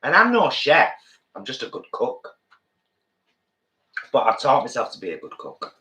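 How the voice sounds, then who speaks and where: A man's voice: medium pitch, huge pitch swings, normal speed, sharp tone. A man, chatting casually and jokily while eating on a live stream, with cutlery clinking behind him. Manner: playful, jokey, affectionate. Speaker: co-host.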